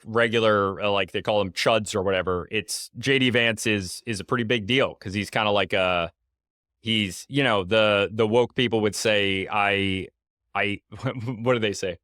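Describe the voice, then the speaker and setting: Brief: young American male host, lowish voice, rambling and hesitant, dry close sound. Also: measured pace, fairly bright tone, dry recording. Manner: rambling, hesitant, many fillers. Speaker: podcast host. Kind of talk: casual interview chat.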